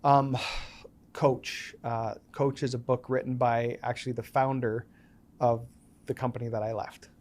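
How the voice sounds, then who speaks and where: A business owner in his thirties, interviewed as a podcast guest, shares stories casually with his mid-range voice at an unhurried pace. He is an animated storyteller who acts out the quoted dialogue.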